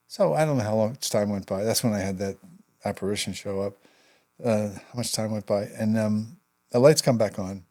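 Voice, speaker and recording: An older man telling a personal story in an interview, halting and reflective, his voice trailing off into quiet asides. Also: fairly low pitch. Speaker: guest, veteran actor and writer.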